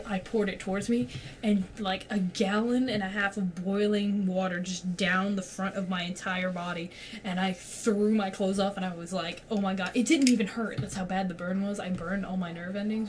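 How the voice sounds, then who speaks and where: A woman's voice: mid-range voice, slight background noise. A young woman telling a rambling story to friends in casual chat, full of "like" and casual swearing. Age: young adult. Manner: rambling, peppered with "like", swears freely.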